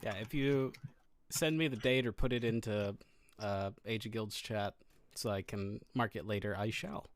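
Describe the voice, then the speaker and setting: A man's voice: on the low side, moderate pace, slight background noise. A man running a tabletop game as game master, joking and rambling as he narrates. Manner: joking, rambling, self-correcting.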